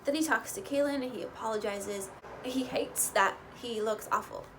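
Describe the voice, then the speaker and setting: A woman's voice: a little high, moderate pace, slight background noise, rough recording. Chatty woman recapping a reality show. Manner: chatty, full of "like" and "you know", quotes people in lively bursts. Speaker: recap host. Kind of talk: casual TV recap.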